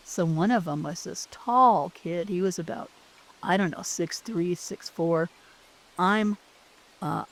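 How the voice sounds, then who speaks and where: A woman who used to teach, telling a personal story in an earnest, heartfelt way, often restarting her sentences. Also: lowish voice. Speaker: former teacher.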